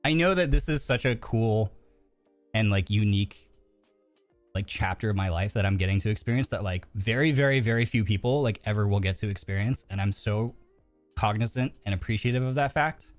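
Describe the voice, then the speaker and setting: Nervous streamer dude rambling, like, a ton of fillers, dry close sound, faint music behind. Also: male voice, lowish voice, brisk, no echo. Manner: rambling, heavy use of "like" and fillers; earnest and grateful, openly emotional. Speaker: virtual streamer. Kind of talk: casual live-stream chat. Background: faint background music.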